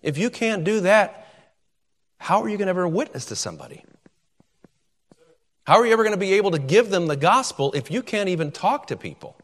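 A man preaching a sermon in a somewhat high voice, pressing each point with emphatic repetition. His words ring out with a long reverb, as in a large church hall. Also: very animated, brisk, pauses often, fairly bright tone. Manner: emphatic, repeats words when stressing points.

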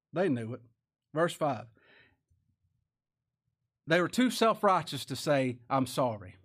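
A preacher delivers his sermon with a voice a touch higher than most men's. He keeps climbing into loud, ringing emphasis, then falls back into hushed asides. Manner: preaching with sudden rises in pitch and volume, dropping to quiet asides. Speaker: pastor.

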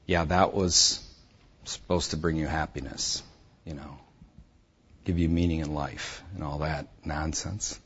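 Husky low-voiced guy telling his story straight and intense, dull lo-fi sound. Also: fairly even intonation, unhurried, fairly bright tone. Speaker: speaker giving a personal testimony. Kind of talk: personal testimony storytelling.

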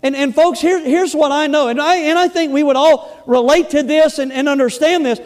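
A pastor preaching a sermon, emphatic, repeating words and stressing key phrases slowly and loudly. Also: male voice, extremely high pitch, fairly even intonation. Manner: emphatic, repeats words, shifts between loud bursts and slow stresses.

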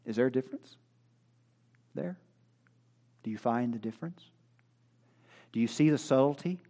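At a normal speed with frequent pauses, a pastor reads his sermon from notes. He rises to loud declarations and sinks into quiet, low asides, sounding folksy and conversational.

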